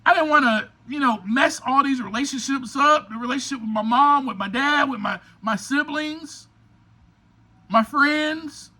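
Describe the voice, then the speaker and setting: A man hosting a podcast, giving a motivational monologue in an emphatic, preacher-like way, often pushing toward a shout and speaking straight to his listeners. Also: very high-pitched, a little slow. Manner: addresses listeners directly, repeating phrases. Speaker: podcast host.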